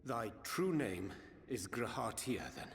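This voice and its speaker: A man's voice: mid-range voice, lively intonation, slow pace, long reverb tail, soft background music. An actor playing a scholarly man who speaks in ornate, old-fashioned English in game cutscene dialogue. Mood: solemn.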